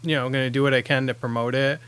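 A man's voice: mid-range voice, fairly even intonation, fast, fairly bright tone, clean tone, dry recording. A man who directs independent films, talking in a casual podcast chat, rambling with lots of fillers and restarts.

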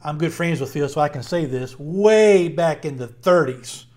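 A man's voice: on the high side, lively intonation, normal speed, a little mellow. A middle-aged man with a Southern Virginia accent, co-hosting a casual podcast chat in a rambling, friendly way with many fillers. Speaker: podcast co-host.

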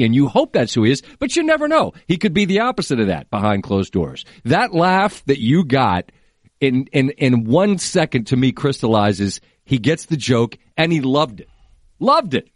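Radio co-host guy, voice jumps around a lot, thinks out loud, dry mic. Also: mid-range voice, no room sound. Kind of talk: casual chat looking back on the show.

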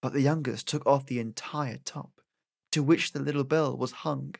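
An Australian man narrates an old fairy tale with lively, dramatic expression. His voice sits at a middle pitch for a man. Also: normal speed, gravelly, slightly rough. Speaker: audiobook narrator, podcast host. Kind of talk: storybook narration.

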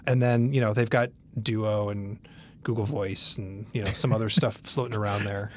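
A man's voice: fairly low pitch, fairly even intonation, moderate pace, a little hiss or hum. A man co-hosting a tech podcast, explaining things loosely in casual chat. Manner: explanatory, loose, with fillers and restarts. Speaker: podcast co-host.

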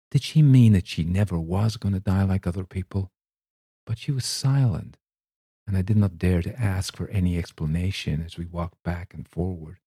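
A man reading a classic short story aloud in measured, scripted narration. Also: low voice, mellow, slightly rough, no room sound, clean studio sound. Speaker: story reader.

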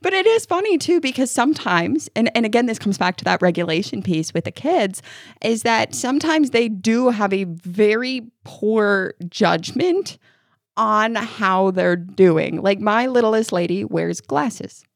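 A woman's voice: mid-range voice, measured pace, no room sound, clean studio sound. Laughing woman podcast co-host. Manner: laughs often, animated storytelling. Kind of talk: casual chat.

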